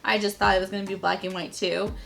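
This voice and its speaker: Chatty young woman with vocal fry. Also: medium pitch, flat delivery, fast, a bit bright. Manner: chatty, leans heavily on "like" fillers. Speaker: vlogger. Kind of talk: casual storytelling to camera.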